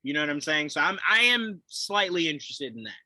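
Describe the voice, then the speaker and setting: A man co-hosting a casual movie chat, animated, swearing and acting out quotes with laughter. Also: fairly high pitch, fairly quick, crowd noise, low-quality recording. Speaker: podcast co-host.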